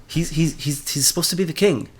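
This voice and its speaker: A man's voice: a little high, fairly quick, husky. Man teaching a Torah class. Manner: animated, mixes Hebrew terms into speech, repeats words often.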